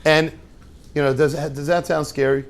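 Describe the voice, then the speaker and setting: A rabbi teaching his students through a lively story, acting out the scenes and dropping in joking asides. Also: a little high, normal speed. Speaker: rabbi and yeshiva head.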